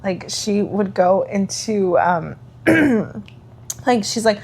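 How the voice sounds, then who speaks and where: A young woman chatting casually on a podcast, retelling everyday moments with her kids. She talks quickly and animatedly, full of fillers, in a mid-pitched voice. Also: a little mellow, breathy edge. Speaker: podcast co-host. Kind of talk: casual chat.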